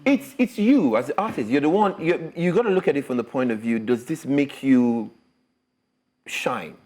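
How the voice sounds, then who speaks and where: A man's voice: medium pitch, normal speed. A middle-aged man, an actor guest talking animatedly on a panel and often repeating words. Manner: animated, laughing, repeats words when excited. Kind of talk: lively panel chat.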